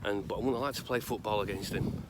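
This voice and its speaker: Speaking on the low side in a steady tone, a grave-visiting vlogger from Salford, England, rambles conversationally with many pauses. He's outdoors in a cemetery giving a casual tribute and telling stories, and outdoor noise can be heard behind him.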